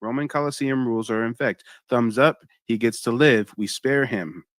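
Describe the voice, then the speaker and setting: A young man hosting a live-stream reaction, talking straight to his chat in an animated way and exclaiming often. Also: medium pitch, normal speed, dry recording.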